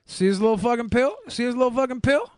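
A man's voice: very high-pitched, quick pace, clean tone, no room sound, clean studio sound. A man putting on a smug bullying strongman. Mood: taunting. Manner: swaggering, mock-threatening, repetitive taunts. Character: scheming male strongman leader, bullying and smug.

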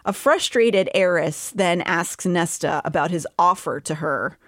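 A woman co-hosting a podcast, recapping a novel's plot in a casual chatty way and now and then dropping into quick silly character voices. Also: lowish voice, animated, no room sound, studio quality. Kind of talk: casual book recap chat.

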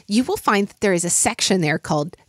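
Lively American woman telling a story. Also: medium pitch, fairly quick, no room sound, studio quality. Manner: animated, laughing, reads passages aloud. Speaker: podcast co-host. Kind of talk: casual storytelling chat.

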